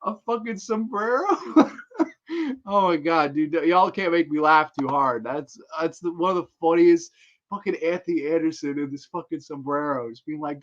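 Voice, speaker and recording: A man hosting a casual livestream, excitable and profane, laughing often as he talks. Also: a little high, moderate pace, muffled recording. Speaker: livestream host.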